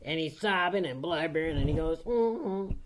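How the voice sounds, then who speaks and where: A woman co-hosting a comedy podcast, telling a rambling tall tale in a dry, folksy, deadpan way. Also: low-pitched, a little fast, background noise. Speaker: co-host. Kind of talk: deadpan comic storytelling.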